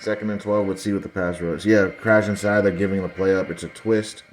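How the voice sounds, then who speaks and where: A man's voice: deep voice, fairly even intonation, a little fast, faint music behind, low-quality recording. A man hosting his own sports video, talking casually over game footage in a dismissive, conspiratorial way, speaking straight to his viewers.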